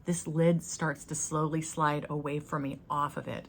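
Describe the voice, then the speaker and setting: A woman's voice: deep voice, level tone, normal speed, slight background noise. A woman hosting her own spiritual channel, telling a personal story in an earnest, hesitant way with many fillers and restarts, speaking from her couch in a yurt.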